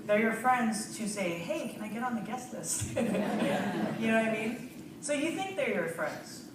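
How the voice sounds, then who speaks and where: A woman with a fairly high, animated voice, speaking a little slowly, gives a personal testimonial to a live audience in a large room. Nervous and rambling, she laughs often and restarts her sentences. The recording has an echoey hall, a distant mic, and audience noise.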